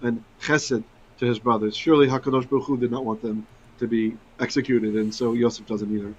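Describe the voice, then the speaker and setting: A man teaching a Bible study in an animated way, often checking in with "right?" and mixing in Hebrew terms. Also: mid-range voice, a little fast, lo-fi sound, slight background noise. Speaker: Torah teacher.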